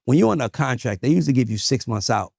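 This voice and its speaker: A man being interviewed, telling stories in an emphatic, animated, profane way. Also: mid-range voice, fast, creaky, no room sound, studio quality. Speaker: music manager guest. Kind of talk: casual interview storytelling.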